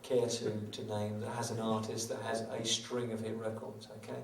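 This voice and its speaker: A middle-aged guitarist fills the gaps between songs with wry, self-deprecating stories on stage at a small concert venue. He speaks monotone at a moderate pace in a lowish voice. The mic is distant, capturing an echoey room, the guitar, and slight background noise.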